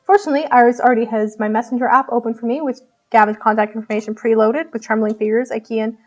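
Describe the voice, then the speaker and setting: A woman's voice: a little high, fairly even intonation, quick pace, hardly any pauses. A woman streamer reading a visual novel aloud, giggling often and joking about her own reading. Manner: giggly, playful, self-mocking.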